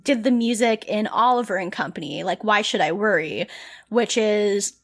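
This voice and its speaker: A young woman co-hosting a podcast in casual chat, animated and sweary, with lots of "like" fillers. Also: medium pitch, moderate pace. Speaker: podcast co-host.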